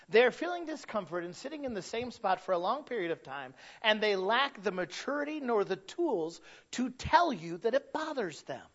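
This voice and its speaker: A man in his thirties preaching a sermon as pastor, swinging from loud pleading to quiet asides. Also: high voice, dull audio.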